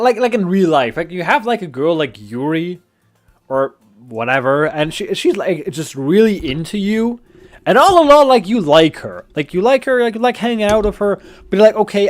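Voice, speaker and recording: A man talking through a visual novel as he plays, rambling and tripping over his own restarts. His voice sits a little high and swings lively up and down, with faint music underneath. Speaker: gamer. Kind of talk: gameplay commentary.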